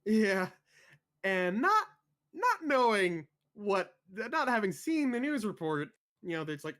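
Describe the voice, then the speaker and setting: A man's voice: sits high, big pitch swings, slow, a bit bright. A man co-hosting a casual film discussion podcast, talking loosely with lots of swearing and frequent laughs. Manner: profane, laughs often. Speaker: podcast co-host.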